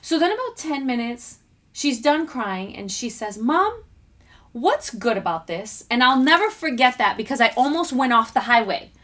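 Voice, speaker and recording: A woman guest on a talk show, animated as she tells a personal story and acts out quotes in a studio. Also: high-pitched, moderate pace. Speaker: guest speaker. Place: community TV studio.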